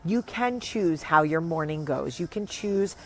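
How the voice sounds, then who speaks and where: A woman's voice: low voice, measured pace, slight background noise. A woman in her thirties or forties with a New Jersey accent, casually telling a story on her vlog, acting out the people she quotes. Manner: animated, acts out quotes, swears casually. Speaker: vlogger, show host.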